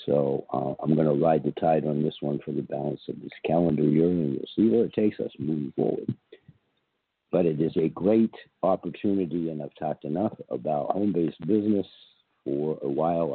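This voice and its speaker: An older man with a deep, husky voice hosts a home-business podcast. He jokes in a folksy way and turns solemn for prayers. It all comes through a thin, dry, phone-like line. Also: no echo. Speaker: podcast host selling home-business products. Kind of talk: casual monologue with read-out devotions.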